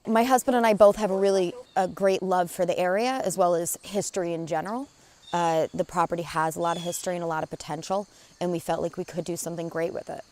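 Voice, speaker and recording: A woman's voice: lowish voice, fast talker, a little mellow. A woman, the site's owner, giving a plain and informative documentary interview with a wry edge. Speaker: new owner of the property.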